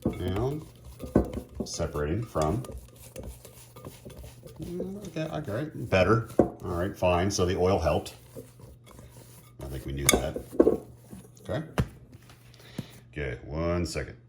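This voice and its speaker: A middle-aged man chatting casually as he cooks at home, laughing often and getting excited. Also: low-pitched, slow pace, long pauses, heavy background noise. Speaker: home cook. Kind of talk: casual cooking vlog.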